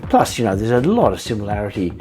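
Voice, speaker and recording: A man's voice: fairly low pitch, fast talker, faint music behind. An Australian man as an interview guest, chatting animatedly with frequent restarts. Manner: animated storyteller with many restarts. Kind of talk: casual interview chat.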